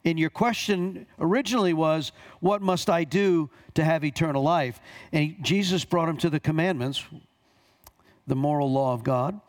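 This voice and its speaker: A man's voice: fairly high pitch, moderate pace. A man preaching a sermon, reading scripture aloud and commenting on it with emphatic repetition. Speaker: pastor.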